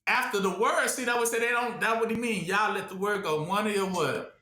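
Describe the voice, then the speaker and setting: A man preaches in a loose, repetitive way, leaving questions hanging for his listeners to complete. His voice sits high and sounds bright and sharp. The recording carries a roomy echo. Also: a little fast. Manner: asks rhetorical questions for the listeners to finish. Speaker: Bible teacher. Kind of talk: call-and-response Bible teaching.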